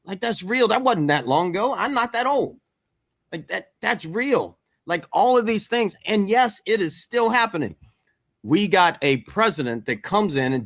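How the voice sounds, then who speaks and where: A man's voice: sits high, lively intonation, normal speed, a bit bright, dry recording, studio quality. A middle-aged man from Washington, D.C., coaching a men's circle, speaking bluntly and emphatically with some swearing. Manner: blunt, emphatic, swears, repeats "let's get real". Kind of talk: candid group talk.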